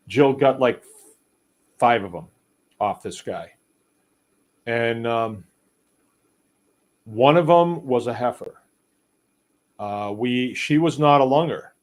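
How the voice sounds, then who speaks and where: During a casual live-stream chat, a middle-aged podcast host reads viewer comments aloud and rambles in a homespun way. His voice is mid-range and slightly mellow.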